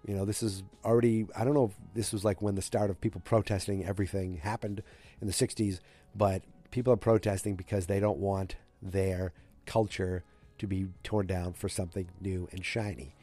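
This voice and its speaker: A man's voice: deep voice, steady tone, fairly quick, dark tone, soft background music. A man casually recapping an episode, rambling with fillers and self-corrections. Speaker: show recap host.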